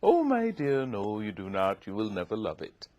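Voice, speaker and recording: A woman's voice: extremely low pitch, wildly swooping pitch, warm tone, muffled recording, exaggerated voice. A woman voicing a refined older Southern lady who speaks with grand, plummy vowels. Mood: insistent. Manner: grand, plummy, drawn-out delivery.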